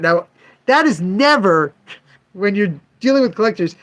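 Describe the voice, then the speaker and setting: A man with a fairly high voice tells a story from his comic shop in loose, chatty storytelling. His pitch swings widely as he acts out both sides of a haggle with a customer. He speaks straight to viewers he knows. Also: moderate pace. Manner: animated, acts out customer dialogue.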